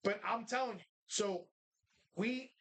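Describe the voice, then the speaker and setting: A man with a gravelly, fry-edged voice holds forth as co-host of a live bar show. He tells his story with lively energy and lots of swearing. He talks casually among friends. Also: high voice, measured pace. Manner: animated storytelling, heavy swearing.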